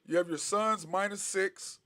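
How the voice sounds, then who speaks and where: A middle-aged man, a former basketball player, co-hosting a casual sports chat, telling stories animatedly and mimicking other people. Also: a little slow. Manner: animated storyteller, mimics others with big pitch jumps.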